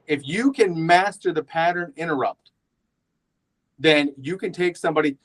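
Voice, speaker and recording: A man's voice: a little high, normal speed, long pauses, poor audio. Chatty man teaching sales. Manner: conversational, with frequent "right?" tags and restarts. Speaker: real estate sales trainer. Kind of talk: informal sales training talk.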